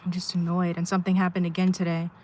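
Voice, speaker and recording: A woman with a slightly low voice talks openly on a livestream from her parked car, rambling and sighing as she vents. A faint hiss sits under her voice. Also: completely flat delivery, fast, darkish tone. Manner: rambling, sighing, heartfelt venting. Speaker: live streamer. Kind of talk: candid livestream chat. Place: inside her car at a rest stop.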